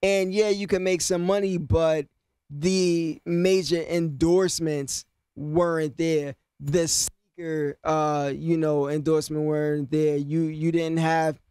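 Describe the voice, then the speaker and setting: A man's voice: a little high, little pitch movement, takes it slowly, darkish tone, clean tone, dry recording. A man casually explaining rap lyrics, half-rapping the lines and then talking them through with lots of "you know what I mean.". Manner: loose, conversational, many fillers like "you know what I mean".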